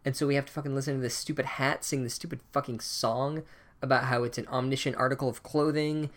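A man's voice: mid-range voice, fairly even intonation, fast talker, fairly bright tone. A man giving a profane, sarcastic comedic recap of a book chapter, ranting as he goes.

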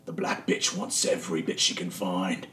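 A man's voice: sits low, level tone, moderate pace, fairly bright tone, a little hiss or hum, pitched below the performer's own voice. A man voicing a tall, scarred male gang leader who barks crude orders at his men, in a tabletop game. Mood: commanding. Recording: roomy sound, mic at a distance.

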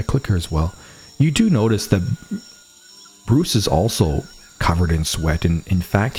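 A man narrating as game master at a tabletop game, in a relaxed, conversational way. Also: fairly low pitch.

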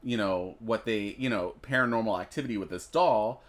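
A man's voice: lowish voice, a little fast. A man co-hosting a podcast, talking through his theories on a movie in a thoughtful, casual way with plenty of fillers. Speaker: podcast co-host.

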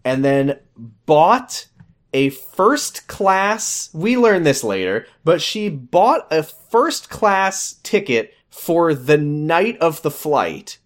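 Guy recapping a tv show on a podcast, swears a lot, voice jumps around. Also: fairly high pitch. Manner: animated, profane, retells scenes doing quick voices. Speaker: podcast co-host. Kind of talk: casual recap chat.

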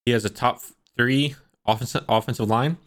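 A man's voice: medium pitch, normal speed. A man co-hosting a sports podcast, giving blunt, opinionated takes. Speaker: podcast co-host. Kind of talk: casual sports chat.

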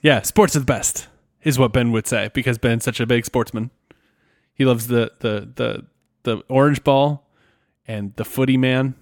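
A man's voice: medium pitch, normal speed, no echo, studio quality. A man co-hosting a casual podcast, teasing his partner with playful, rambling asides. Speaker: podcast co-host.

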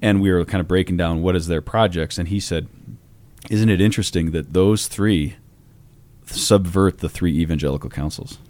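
This low-pitched man speaks at a normal pace with a darkish tone on a dry recording. As a podcast co-host, he keeps the theology talk casual and conversational, digressing into anecdotes and filling gaps with fillers.

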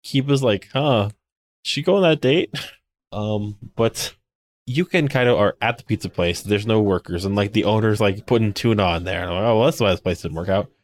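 Rambling, low-voiced podcast man. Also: a little fast. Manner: rambling, many "like" fillers, animated retelling with laughs. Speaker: podcast co-host. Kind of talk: casual chat recapping a TV episode.

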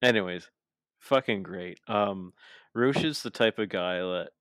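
Brief: low-voiced guy, casual co-host, excitable storyteller, dry close mic. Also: a little slow, no room sound. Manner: excited storyteller, swears freely, acts out quotes. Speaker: podcast co-host. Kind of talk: casual wrestling chat.

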